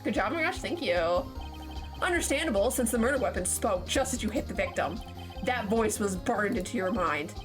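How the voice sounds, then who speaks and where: A woman's voice: mid-range voice, lively intonation. Playful woman streamer reading game lines. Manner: playful, giggly, reads lines with quick asides. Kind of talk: live game let's-play, reading dialogue aloud. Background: game music.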